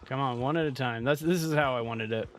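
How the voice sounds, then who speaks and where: A man's voice: medium pitch, fast talker, very noisy. A man streaming a game live, chatting casually with viewers as he plays. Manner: chatty, talks to chat while playing. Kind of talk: casual live gameplay commentary.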